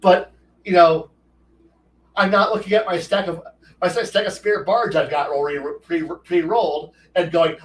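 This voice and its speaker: A man's voice: on the high side, moderate pace. A man hosting a casual talk show, rambling and cursing freely as he muses about tabletop games. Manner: profane, rambling, animated with restarts. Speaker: host. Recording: roomy echo, distant from mic, faint noise.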